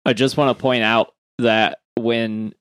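A man's voice: medium pitch, level tone, measured pace, fairly bright tone, smooth, no room sound. A man co-hosting a podcast, chatting about a movie and adding asides to his co-host's story. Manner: chatty, laughs along, adds asides. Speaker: podcast co-host. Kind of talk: casual movie chat.

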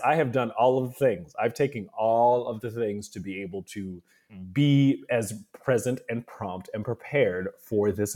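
A man speaks in a casual interview at a middle pitch. He is an animated storyteller and keeps slipping into other people's voices to act out what they said. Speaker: guest.

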